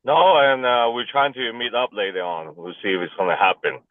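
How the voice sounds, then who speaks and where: A man's voice: medium pitch, steady tone, a little fast, dry recording. A real estate agent sharing his weekly update on a group call, hesitant with many fillers. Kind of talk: casual update. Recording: tinny phone-like call line.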